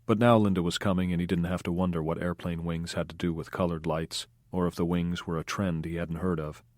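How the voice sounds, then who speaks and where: Deep-voiced male audiobook narrator. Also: level tone, fairly quick, darkish tone, dry recording, studio quality. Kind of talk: scripted narration.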